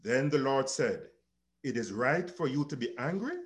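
A man reads scripture aloud in a measured, formal manner. His pitch sits mid-range but moves a great deal through each verse. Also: expressive. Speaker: scripture reader.

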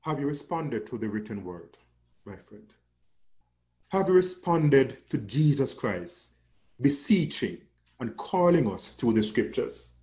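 A man's voice: mid-range voice, animated, a little slow, mellow. A man preaching a sermon with an emphatic, rising and falling cadence, calling listeners his friend.

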